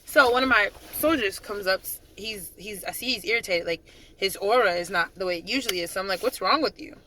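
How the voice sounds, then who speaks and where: A young adult drill sergeant retells events in a loose, talkative vlog style, full of "like" and quick asides. The voice sits at a middle pitch with a bright, forceful edge. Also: a little hiss or hum. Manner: chatty, animated retelling with frequent "like". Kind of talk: casual storytelling vlog.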